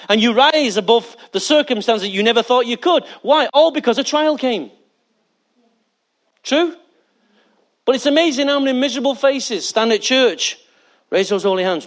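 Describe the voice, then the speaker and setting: A man's voice: extremely high pitch, fairly bright tone. A male pastor preaching a sermon, emphatic and often asking the congregation for agreement.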